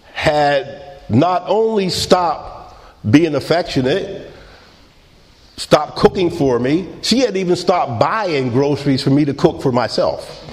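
Slow-talking wry middle-aged man in a hall. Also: fairly high pitch. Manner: unhurried, wry, self-mocking with quiet laughs. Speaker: speaker sharing his recovery story. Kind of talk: personal recovery testimony.

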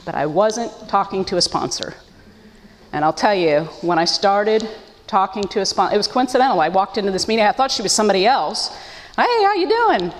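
A woman's voice: medium pitch, brisk, big-room sound. A woman giving an earnest, emotional personal testimony to a support group, her voice breaking with feeling. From United States. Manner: earnest, emotional, with self-deprecating laughs. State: choked up. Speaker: speaker sharing her story at a support meeting.

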